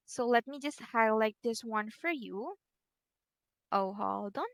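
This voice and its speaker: Filipino lady teaching english online, high voice, slow and patient. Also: fairly bright tone, no echo. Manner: slow, patient, drawn-out teacher talk with frequent okays. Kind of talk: one-on-one ESL lesson.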